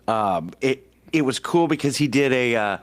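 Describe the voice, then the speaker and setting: A man co-hosting a casual podcast chat, halting and restarting a lot. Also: mid-range voice, expressive. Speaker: podcast co-host.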